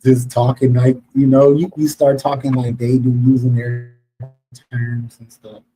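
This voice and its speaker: A man hosting a podcast, asking questions in a relaxed, easygoing way. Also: mid-range voice, unhurried, faint music behind, poor audio. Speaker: podcast host. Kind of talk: casual interview chat.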